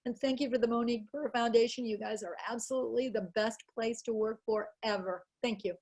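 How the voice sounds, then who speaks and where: Speaking briskly with fairly even intonation, a woman with a slightly high, somewhat mellow voice delivers a webinar over a video call. She's a guest speaker and educational psychologist, earnest and emotional, voicing the quotes of people in her stories.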